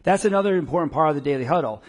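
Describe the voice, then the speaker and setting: A man coaching a room of business people in a live workshop, talking in a lively, conversational way and acting out quotes. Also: a little high, very fast. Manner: energetic, conversational, acts out quotes. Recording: long reverb of a hall.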